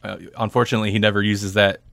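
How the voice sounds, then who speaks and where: A man's voice: lowish voice, little pitch movement, racing, vocal fry, a bit bright, dry recording, studio quality. A man hosting a podcast, chatting casually about movies in a rambling way and laughing easily. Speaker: podcast host. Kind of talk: casual movie-discussion chat.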